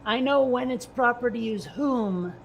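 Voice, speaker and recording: A woman's voice: on the high side, unhurried, vocal fry, highs cut off, slight background noise. A woman in casual chat, firing off dry, teasing comebacks.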